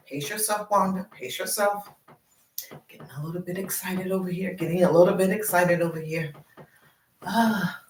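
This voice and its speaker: A woman's voice: on the low side, reverberant, far from the mic, slight background noise, rough recording. Breathless woman walking and talking. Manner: repeats phrases, upbeat and encouraging. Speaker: vlogger. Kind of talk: live walking chat.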